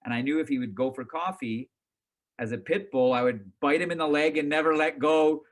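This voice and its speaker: Animated middle-aged man telling stories. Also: a little high, fairly quick. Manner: animated, self-mocking, acts out his past reactions. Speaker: company chairman and CEO. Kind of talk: casual storytelling in an interview.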